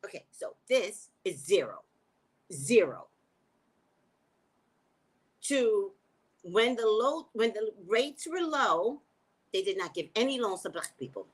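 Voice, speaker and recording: Woman, livestream host, casual chat, lively pitch, talks back to commenters. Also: takes it slowly, long pauses, breathy edge. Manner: animated, chatty, talks back to viewer comments. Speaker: livestream host and psychic reader.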